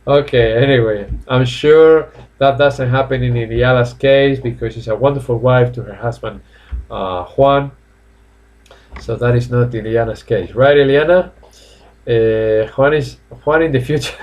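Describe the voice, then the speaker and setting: A man teaching English in a live online class from home, chatty, repeating each phrase slowly. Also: mid-range voice, a little mellow.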